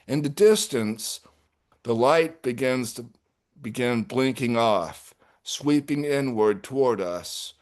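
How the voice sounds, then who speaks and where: A man reading his own short story aloud in a measured, deliberate way. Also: mid-range voice. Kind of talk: literary reading.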